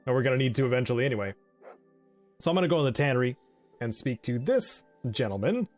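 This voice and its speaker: A man's voice: medium pitch, sing-song, fast, a little mellow, faint music behind. A man giving casual game commentary, chatty and giggly, often restarting his sentences. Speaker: let's play host.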